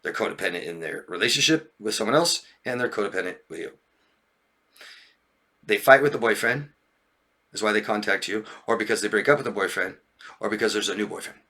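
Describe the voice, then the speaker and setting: A relationship coach addresses viewers casually in a bright, eager voice that sits fairly low, talking briskly with frequent pauses. He often checks in with "yeah?" or "right?", laughs a lot, swears now and then, and puts on raised, mocking voices to imitate friends.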